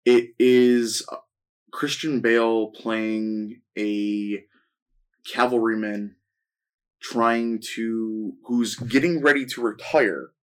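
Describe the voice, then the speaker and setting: A man with a lowish voice talking slowly and deliberately on a casual movie podcast. He sums up a plot in a dry, measured manner. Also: steady tone. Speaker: podcast co-host. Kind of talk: casual film review chat.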